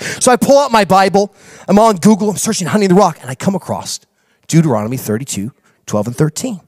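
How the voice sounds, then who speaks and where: A man preaching a sermon as a pastor, telling a story with acted-out dialogue and building to excited preaching. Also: sits high, fast, dry recording. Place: church.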